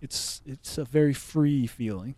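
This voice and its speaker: A man's voice: medium pitch, a little slow, warm tone, dry recording. Crude laughing podcast co-host, man. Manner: blunt, swearing, laughing often. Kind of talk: casual crude podcast chat.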